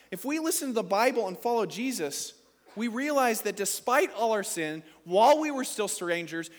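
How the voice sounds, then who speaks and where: Pastor preaching in a long-echoing hall. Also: male voice, extremely high pitch. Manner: conversational, playful, asks the congregation questions. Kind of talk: sermon.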